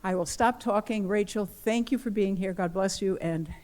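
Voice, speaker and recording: A woman's voice: mid-range voice, moderate pace, a little mellow. A woman hosting a church lecture, earnestly introducing the program and its ground rules. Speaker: program host. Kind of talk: event introduction. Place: large church. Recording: echoey church hall.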